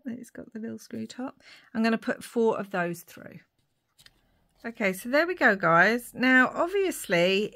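Lady doing a craft tutorial at her desk, slow and chatty, little whispers here and there. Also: a little high. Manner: thinks aloud while working, with frequent fillers and asides; drops to soft whispers between remarks. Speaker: papercraft vlogger.

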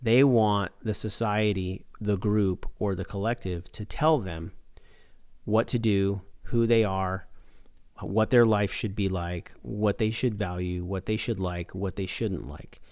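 A man's voice: on the low side, fairly even intonation, unhurried, a little mellow, no room sound. A man hosting a podcast in a casual, thoughtful way, rambling a little and restarting his sentences. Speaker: podcast host.

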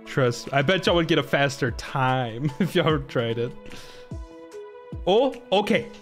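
A man's voice: medium pitch, unhurried, fairly bright tone, faint music behind. A young man casually commenting on his own gameplay during a live stream, often laughing and exclaiming to his chat. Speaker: gaming streamer.

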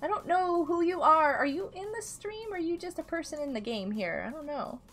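A woman streamer chats her way through a game, giggling often and calling out viewers by name. Her voice sits high and bright. Faint music plays under her. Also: expressive, brisk. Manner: chatty, giggly, greets chat by name. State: unwell. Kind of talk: live game stream chat.

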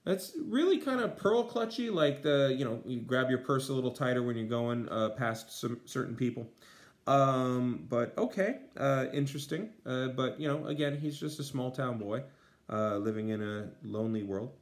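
A man's voice: mid-range voice, normal speed. A man Latin teacher translating a textbook aloud, with many fillers and dry asides.

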